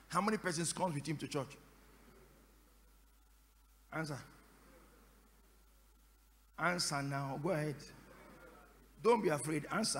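A man preaching a sermon as pastor, questioning the congregation again and again in call and response and breaking into shouted prayer. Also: a little high. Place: church service. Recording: echoey church hall.

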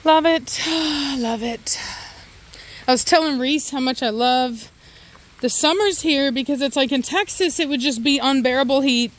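Her voice sits high and she talks at a normal speed. The dog owner rambles chattily through a casual vlog of farm chores with her dogs, out in a yard that has a garden and livestock.

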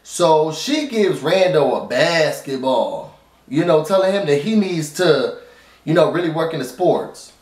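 This man's voice is a little high and a little mellow, with lively intonation and a measured pace, heard in an echoey room. He's a TV recap vlogger at home, his dog close by, casually summarizing an episode for viewers he addresses as y'all, rambling through fillers and restarts.

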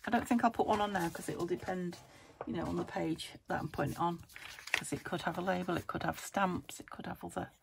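A woman's voice: on the low side, steady tone, quick pace, vocal fry, hardly any pauses, background noise. A British woman hosting a crafting video, chatting casually and muttering to herself as she works at her table, sometimes dropping to a whisper. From United Kingdom. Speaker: craft channel host.

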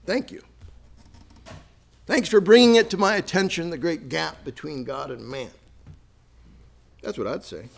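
This man's voice is on the high side and creaky, and he keeps a measured pace with many pauses. Preaching as pastor in a church sanctuary, he stays lively and jokey, laughing as he acts out sarcastic asides.

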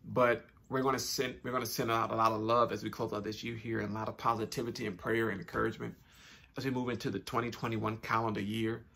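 Upbeat gravelly young man vlogging. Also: lowish voice, level tone, fast talker, sharp tone. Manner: chatty, upbeat, repeats phrases, informal slang. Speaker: YouTube channel host. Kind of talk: casual direct-to-camera vlog talk.

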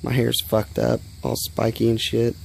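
A man's voice: medium pitch, completely flat delivery, unhurried, vocal fry, a little hiss or hum. A young man rambling and swearing casually in a vlog, talking outdoors in his yard. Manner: rambling, profane, easily irritated. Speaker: vlogger.

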